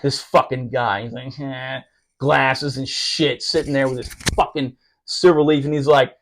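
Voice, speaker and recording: A man telling a rough, profane story from his military days in casual podcast talk, laughing and doing quick impressions. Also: mid-range voice. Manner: profane, animated, laughing, fast asides.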